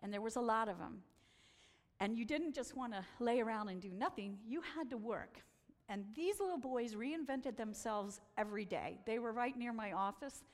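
A woman telling stories from a slideshow talk, animated and acting out the voices she quotes. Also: a little high, moderate pace, big-room sound. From United States. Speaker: speaker presenting photos.

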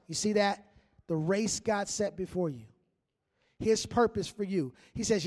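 A man preaching a sermon as pastor, animated and conversational, leading the congregation in call-and-response. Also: high-pitched, measured pace.

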